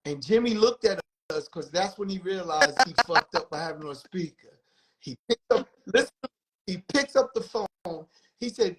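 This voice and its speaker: A man's voice: high voice, expressive, moderate pace, low-quality recording. A man in the music business telling a candid, profane story as a podcast guest, acting out other people's lines.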